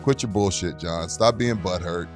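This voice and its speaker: Low-voiced ranting male podcast host. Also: moderate pace, soft background music. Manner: heated ranting, mocking quotes. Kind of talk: casual sports chat.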